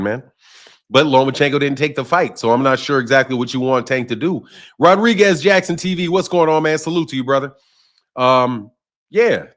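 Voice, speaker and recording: A man's voice: medium pitch, a bit bright. A man casually talking boxing on a livestream, reading and answering chat comments, often repeating himself. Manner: conversational, repeats himself, addresses chat by name.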